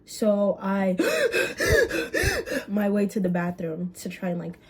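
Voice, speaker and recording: A young woman vlogger telling a story in casual chat, animated and swearing, with quick bursts and drawn-out words. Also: lowish voice, slightly rough.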